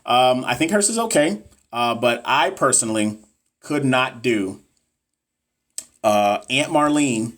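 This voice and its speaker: This NCLEX tutor and course seller speaks slowly with frequent pauses, his medium-pitched voice animated and fairly bright. He reads viewer comments on a casual livestream, chatting loosely with plenty of fillers. The mic is a phone or webcam.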